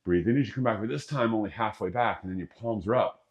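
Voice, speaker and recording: Through a muffled recording comes a fairly low, fast-talking male voice. He's a middle-aged qigong instructor leading an exercise, keeping it loose and jokey as he talks through each breath.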